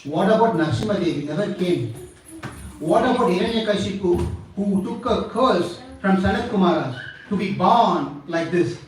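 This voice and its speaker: Male preacher, lively high-pitched storytelling, distant echoey hall mic. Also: normal speed. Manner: animated, dramatic retelling. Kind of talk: devotional sermon storytelling.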